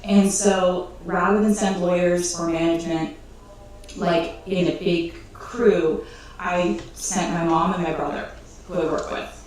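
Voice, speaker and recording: An interview guest with a fairly low, steady, somewhat dark voice speaks a little slowly as she tells an emotional story, rambling with fillers and restarts and laughing through tears. The clip is replayed in a room during a livestream, so the playback sounds echoey and distant with faint noise.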